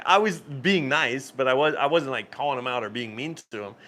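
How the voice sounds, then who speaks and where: A man's voice: medium pitch, a little fast, fairly bright tone. A man hosting a cruise channel live stream, telling stories in a rambling, casual way with frequent laughs and restarts.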